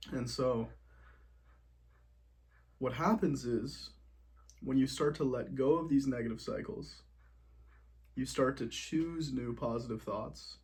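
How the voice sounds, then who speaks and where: A young man giving a calm self-help talk, soothing and gently coaching, repeating key phrases as he walks through simple steps. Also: mid-range voice. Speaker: motivational speaker.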